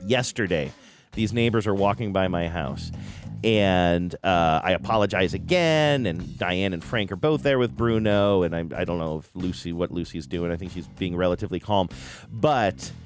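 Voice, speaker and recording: A man's voice: deep voice, moderate pace, soft background music. A middle-aged man hosting a podcast, telling a story in a casual, self-deprecating way and raising his voice when he quotes people. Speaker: podcast host.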